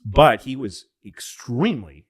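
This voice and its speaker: A man on a comedy podcast telling a long rambling story in casual chat, profane and loose, breaking into loud excited bits. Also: medium pitch, a little slow, slightly rough. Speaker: podcast co-host.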